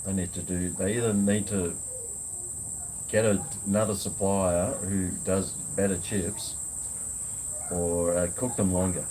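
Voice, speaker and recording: A man's voice: deep voice, fairly even intonation, unhurried, pauses often, dark tone, a little hiss or hum. An Australian man, a food vlogger, chatting casually and rambling in a laid-back way on a home veranda. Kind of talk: casual live chat.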